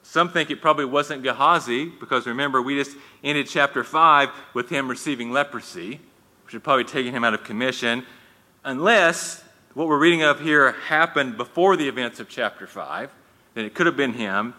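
Male pastor, sharp and bright tone, casual sermon delivery with restarts, long hall reverb. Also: medium pitch, moderate pace. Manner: conversational, with frequent restarts and folksy asides.

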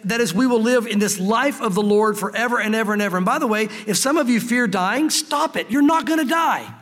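A pastor preaching a sermon earnestly, slowing down to stress key phrases. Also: male voice, sits high, fairly bright tone, in a large hall.

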